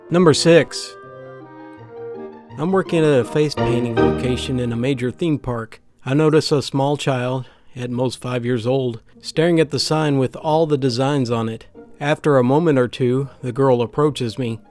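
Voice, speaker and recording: A man reading funny anecdotes aloud in steady scripted narration. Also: mid-range voice, normal speed. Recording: faint background music.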